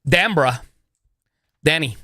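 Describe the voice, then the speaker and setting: A young man, talking in a loose, rambling, slangy way with plenty of "bro", pitched somewhat high for a man. His voice is close to the mic and dry, with no room sound. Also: lively intonation, takes it slowly, bright, forceful tone, dry recording. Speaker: streamer. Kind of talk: casual live-stream chat.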